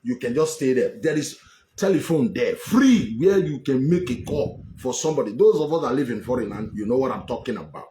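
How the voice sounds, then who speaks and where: A man's voice: medium pitch, animated, a little fast, dark tone, slight background noise. A Nigerian man hosting an online political show, scolding his listeners and repeating himself as he argues. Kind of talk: heated political commentary. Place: home in Europe. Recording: echoey room with faint ambience.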